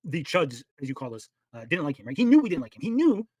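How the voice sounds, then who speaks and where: A man's voice: fairly high pitch, very animated, fast, darkish tone, husky, no echo. A man hosting a livestream, arguing heatedly and swearing as he reacts to clips. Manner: heated, argumentative, swears a lot. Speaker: livestream commentary host. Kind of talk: casual profane stream commentary.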